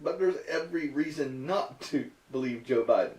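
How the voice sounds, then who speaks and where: A man's voice: on the high side, moderate pace, darkish tone, distant mic. A man co-hosting a casual political talk podcast, joking and laughing often. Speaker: podcast co-host. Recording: echoey room, voice off-mic.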